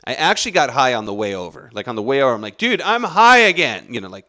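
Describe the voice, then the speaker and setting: A man's voice: mid-range voice, rapid-fire. Guy rambling thru a wild story, swears a lot, voice jumps all over. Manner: rambling, profane, animated, with restarts. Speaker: podcast host. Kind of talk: casual storytelling.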